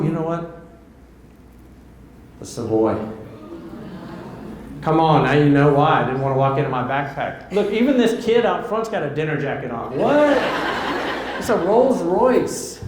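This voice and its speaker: A middle-aged man giving a keynote speech at a luncheon, telling an animated story and acting out the dialogue. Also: a little high, reverberant, a little hiss or hum. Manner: animated, acts out dialogue in quotes. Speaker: keynote speaker. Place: large hall at a luncheon.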